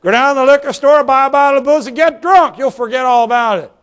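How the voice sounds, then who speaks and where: A man playing a blunt, insistent pastor who gives loud, emphatic orders. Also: very high-pitched, fast talker, voice pushed up. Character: blunt insistent middle-aged male pastor.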